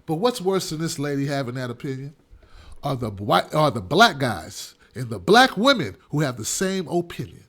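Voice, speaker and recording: A man with a notably high voice holds forth as host of his own commentary show. He speaks emphatically and repeats his points to hammer them home, in a ranting monologue. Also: big pitch swings, normal speed, fairly bright tone.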